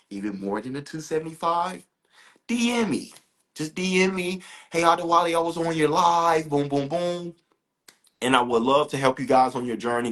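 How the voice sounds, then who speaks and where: A man's voice: mid-range voice, fairly bright tone. A man hosting a live stream as a spiritual reader, chatting casually and with enthusiasm, repeating himself for emphasis. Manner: enthusiastic, repetitive, salesy asides.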